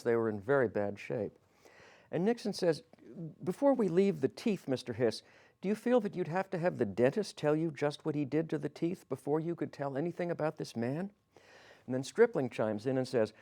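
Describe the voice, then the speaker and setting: A man's voice: medium pitch, darkish tone. A man narrating a history podcast, reading out quoted dialogue with small shifts of tone and the odd correction of a slip. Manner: reads quoted dialogue with light changes of tone; slips and corrects himself as he reads.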